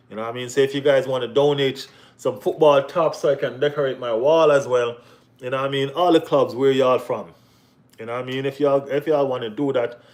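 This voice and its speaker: A young man hosts a relaxed football live stream and talks straight to his viewers. His mid-pitched voice stays easy and conversational, with frequent "you know what I mean" check-ins. When something excites him, it jumps sharply higher. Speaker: host of a football live chat. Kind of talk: casual live-stream chat.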